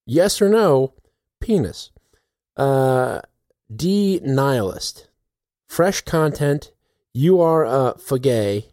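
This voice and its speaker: A man's voice: medium pitch, animated, very slow, pauses often, darkish tone, no room sound, clean studio sound. A man hosting a podcast in casual chat, often laughing between his remarks. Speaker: podcast host.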